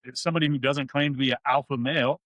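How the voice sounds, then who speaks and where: A man's voice: medium pitch, steady tone, very fast, fairly bright tone, no room sound. A man co-hosting a casual podcast chat, blunt and emphatic, with lots of swearing. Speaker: podcast co-host.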